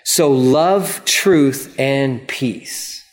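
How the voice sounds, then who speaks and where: Man preaching a lively sermon. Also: mid-range voice, drawn-out words. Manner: lively preaching, acts out God's voice in paraphrase. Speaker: pastor.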